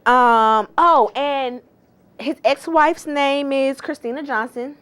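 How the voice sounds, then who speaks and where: A woman's voice: sits high, slow, a bit bright. A woman hosting a casual gossip vlog, chatty and sassy, with slangy, exclamatory asides. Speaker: entertainment gossip host.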